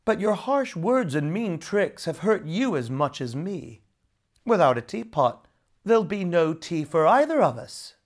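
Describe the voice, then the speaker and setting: A storyteller voicing a gentle, patient husband who speaks softly and slowly, in a storybook read-aloud. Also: mid-range voice, big pitch swings, pitched above the performer's own voice. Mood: kindly. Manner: soft, slow and kindly, sometimes pleading.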